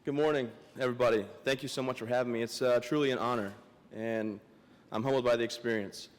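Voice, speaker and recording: A young man giving a memorial speech as a guest speaker, joking and self-deprecating, halting and emotional, close to tears. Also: medium pitch, steady tone. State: emotional, teary. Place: large memorial hall. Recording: long hall reverb.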